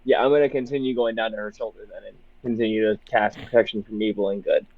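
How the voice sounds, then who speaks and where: A man playing a tabletop game, chatting casually and thinking aloud in halting restarts. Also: fairly low pitch, fairly even intonation, phone-quality sound. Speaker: player.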